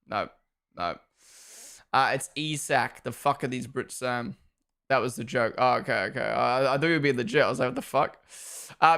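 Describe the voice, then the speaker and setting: A young man hosting a live race watchalong, chatting casually, reading chat and swearing bluntly. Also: medium pitch. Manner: blunt and animated, swears freely.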